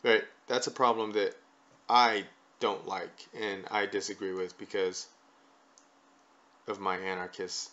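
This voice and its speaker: His lowish voice is bright and forceful, fairly even in intonation, unhurried and full of pauses, heard on a dull lo-fi recording. The podcast host rambles through casual conversation, repeatedly asking "right?" as he makes his case.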